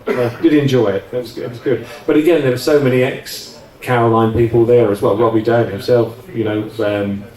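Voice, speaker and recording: On stage, a man who used to be an offshore radio DJ recalls the old days in a mid-range, fairly even voice, a little fast and a little mellow. His chat rambles with frequent restarts, picked up by a distant mic in a roomy space.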